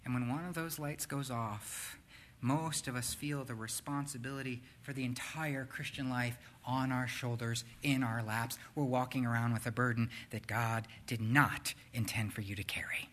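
A man preaching a sermon, swinging between loud, urgent passages and hushed, near-whispered ones. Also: medium pitch, steady tone, moderate pace, slight background noise. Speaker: pastor.

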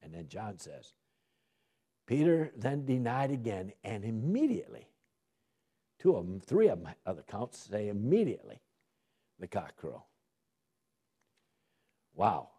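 A man's voice: fairly low pitch, wildly swooping pitch, unhurried, pauses often, mellow, slightly rough. A man teaching a Bible study, reading scripture aloud with dramatic emphasis and asking his class questions. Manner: asks the class rhetorical questions.

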